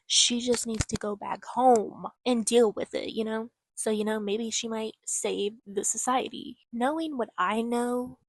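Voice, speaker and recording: A young woman in a casual reading vlog, excitable and rambling, swearing freely as she reacts. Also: a little high, dry recording. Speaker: book vlogger.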